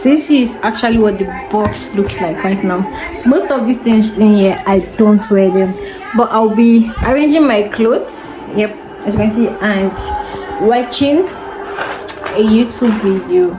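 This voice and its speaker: A young woman, chatting excitedly to viewers in a casual vlog from her kitchen, recorded on a propped-up phone. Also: fairly high pitch, a little slow, low-quality recording. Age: young adult. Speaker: student vlogger. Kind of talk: casual vlog chat to camera. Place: home kitchen, indoors. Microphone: phone camera propped up nearby. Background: background music.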